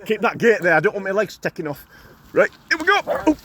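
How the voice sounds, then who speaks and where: A very animated Yorkshire man speaks fairly quickly in a high, sharp-toned voice. Out of breath and biking up muddy outdoor hills, this vlogger chats casually into the phone he's holding, joking, groaning, and swearing along the way.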